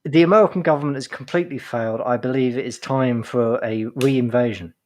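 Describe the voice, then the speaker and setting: A man's voice: medium pitch, fairly quick, a little mellow. A man co-hosting a live chat show, dropping sardonic, mock-outraged asides. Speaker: co-host.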